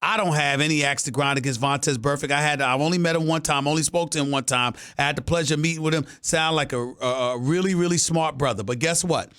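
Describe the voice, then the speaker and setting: A man's voice: on the high side, fairly even intonation, fast, hardly any pauses, a bit bright, smooth. A man hosting a sports talk radio show, delivering emphatic, punchy, opinionated commentary.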